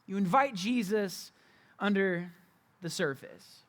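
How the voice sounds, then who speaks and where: Young man, youth pastor, very high voice, candid conversational sermon, repeats phrases. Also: takes it slowly, a bit bright. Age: young adult.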